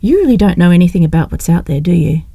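Woman reading as a quiet laid-back young man. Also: lowish voice, animated, fast, vocal fry, no room sound. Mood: easygoing.

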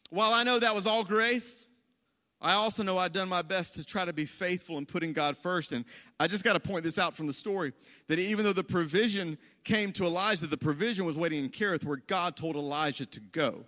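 A young man preaches to a congregation in a high, bright voice. He tells his story with animated energy and pushes toward near-shouting on the points he wants to land. The sound rings out with a long reverb from a large church hall. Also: a little fast. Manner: animated, rises to near-shouting on key lines. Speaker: pastor. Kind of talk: sermon storytelling.

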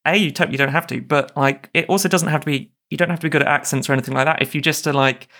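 Male guest, middle pitch, gravelly texture, loose rambling delivery. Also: steady tone, very fast, pushed and bright. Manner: rambling, fills with "like". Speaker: podcast guest, tabletop player. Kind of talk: casual group discussion.

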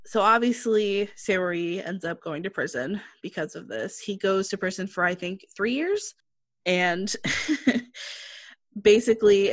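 A woman's voice: lowish voice, no room sound. Dry-sounding chatty woman recapping a show. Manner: chatty, laughs often, quotes characters in flat asides. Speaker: podcast co-host recapping a drama. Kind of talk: casual chat.

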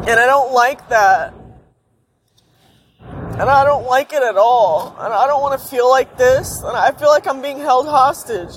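A man's voice: extremely high pitch, moderate pace, a bit bright, a little hiss or hum, poor audio. A man crying as he confides his feelings in a vlog recorded inside a car, speaking emotionally and swearing. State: tearful, crying. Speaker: vlogger. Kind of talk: confessional vlog while driving.

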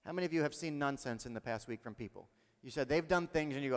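A male pastor preaching a sermon in a lively, conversational way, asking the congregation questions. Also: medium pitch, fast talker, in a large hall.

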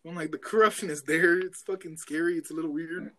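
Brief: young man, quick and slightly high, animated profane storyteller in casual podcast chat. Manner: animated, profane, acts out voices in his story.

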